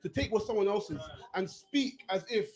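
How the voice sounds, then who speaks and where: A man co-hosting a heated commentary, who agrees loudly and talks about devils like a preacher. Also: high-pitched, normal speed, poor audio. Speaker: co-host.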